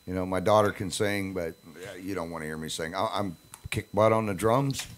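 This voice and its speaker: A man's voice: low voice, a little fast, crowd noise. An older man hosting a radio interview, joking in a folksy, casual way. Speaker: radio show host.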